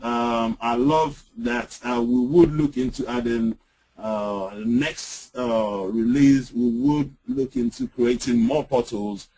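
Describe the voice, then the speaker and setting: A man co-presenting a webinar, speaking in a halting, casual way with lots of fillers and some teasing jokes. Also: medium pitch, dark tone, breathy edge, poor audio. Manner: halting, many fillers and restarts, joking.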